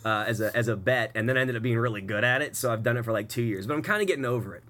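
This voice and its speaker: A man hosting a casual radio show, telling stories in an animated, chatty way. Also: medium pitch, rapid-fire. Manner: chatty, animated storytelling with put-on voices. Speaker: radio host.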